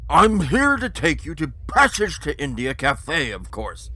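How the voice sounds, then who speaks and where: A man voicing an old chinless male cafe proprietor who is bossy and brusque, with loud scolding lines. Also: on the high side, huge pitch swings, unhurried, no room sound, exaggerated voice.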